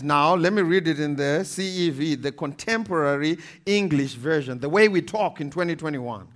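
A pastor preaching a sermon, animated and emphatic, repeating scripture references and laughing between points. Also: male voice, a little high, moderate pace.

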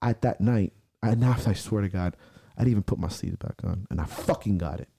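A man speaks with a deep, very dark and mellow tone in a loose podcast chat. He tells his story with raw intensity and a lot of swearing, and he acts out the heated self-talk he used to push himself. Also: fairly quick, gravelly, a little hiss or hum. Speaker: strongman athlete and podcast guest. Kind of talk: casual podcast conversation.

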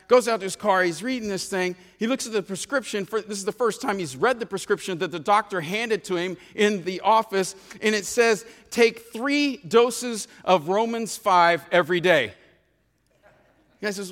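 A man's voice: high voice, moderate pace, a bit bright, long reverb tail. A man preaching a sermon as pastor, telling a story and stretching out key phrases for emphasis, often repeating himself. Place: church sanctuary.

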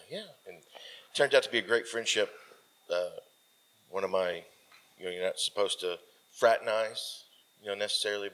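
Low-voiced man telling a story. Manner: rambling, filler-heavy, trails off softly. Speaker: military veteran guest. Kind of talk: casual storytelling.

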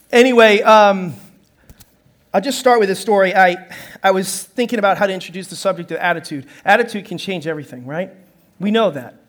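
A pastor giving a sermon, telling stories in a playful way and talking directly to the congregation. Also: male voice, sits high, fairly bright tone. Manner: storytelling, playful, talks to the congregation.

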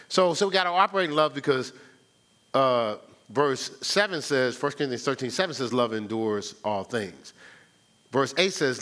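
A man preaching a sermon as pastor, swinging his voice up and down and asking "right?" often, with frequent repeated words. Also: sharp tone. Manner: preaching with sudden rises and drops in pitch, call-and-response "right?"; repeats words when starting phrases.

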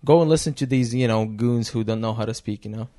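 A man from Russia with a Russian accent, co-hosting a casual podcast in a halting, restart-heavy way. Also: mid-range voice, warm tone. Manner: halting, many restarts, slow storytelling. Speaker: podcast co-host.

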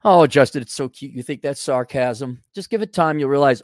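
A man's voice: medium pitch, brisk, dry recording. Sarcastic man ranting, dry mic. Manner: sarcastic, blunt, acts out imagined dialogue. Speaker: livestream host reading donations. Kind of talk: casual ranting monologue.

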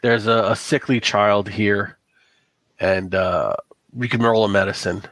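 A man narrating a tabletop role-playing game as game master, talking in a halting way with many restarts and fillers. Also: lowish voice, fairly even intonation, background noise.

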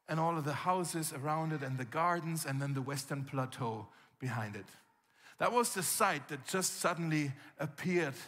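A man preaching a sermon as pastor, telling the story vividly and acting out scenes with gasps and shouts. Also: a little high. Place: church hall. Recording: long reverb from a church hall.

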